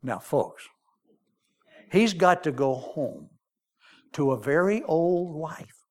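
A man's voice: fairly high pitch, expressive, slow, darkish tone. A man preaching a sermon, telling the story in a folksy, joking way.

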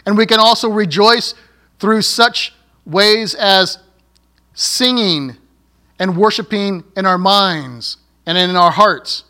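High, bright-voiced male pastor preaching. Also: slow. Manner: jokey asides, laughs at own slips. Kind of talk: sermon.

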